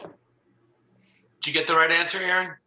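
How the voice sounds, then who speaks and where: A man with a sharp, bright, somewhat high voice lectures to an online class via a computer microphone, moving at a measured pace. He tells a lively story and voices its characters himself, but the audio is poor, with a little hiss or hum.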